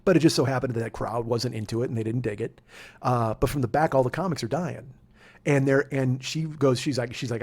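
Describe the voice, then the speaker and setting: This podcast host is a man in his forties with a mid-range, somewhat breathy voice and a fairly quick pace. He tells a rambling, profane story casually, getting worked up until he's shouting.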